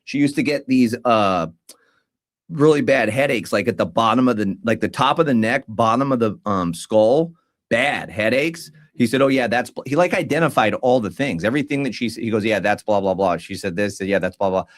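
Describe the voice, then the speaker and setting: A man's mid-range voice comes a little fast as he co-hosts a podcast and tells a story. The chat is casual and slangy, and he brings it to life by acting out others' lines.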